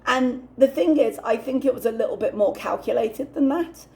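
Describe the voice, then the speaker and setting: A woman's voice: on the high side, moderate pace, vocal fry, darkish tone. A young woman hosting a reaction channel, ranting candidly and swearing freely as she comments.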